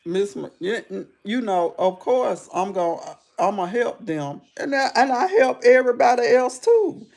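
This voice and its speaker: A woman hosting a live stream, telling a story casually and repetitively with folksy endearments, dropping low and quiet and then jumping high and loud as she retells it. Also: very animated, unhurried, vocal fry, hardly any pauses. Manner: repetitive, rambling, folksy endearments like baby and honey; swings from low and subdued to loud high bursts when retelling.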